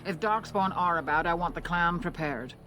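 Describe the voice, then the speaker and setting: An actress playing a dignified, calm elder woman leading a clan in a game, speaking formally, with faint noise behind. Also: fairly low pitch, moderate pace. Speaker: game character.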